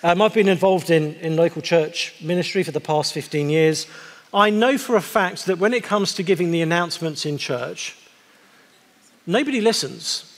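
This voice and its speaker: High-voiced man preaching in an echoing hall. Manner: conversational and wry, slowing down for emphasis. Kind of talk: sermon. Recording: long hall reverb.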